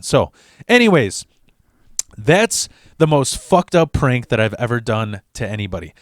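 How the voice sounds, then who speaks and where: A man's voice: medium pitch, very animated, a little slow, dry recording, studio quality. A man casually telling a story on his vlog in a crude, profanity-laden way. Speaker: vlogger.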